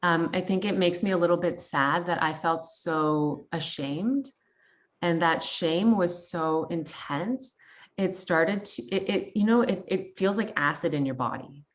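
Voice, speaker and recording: A guest from Canada, a woman in her thirties, talks a little slowly in a lowish voice. She relates a personal story openly and conversationally, sprinkling in fillers and quoted thoughts.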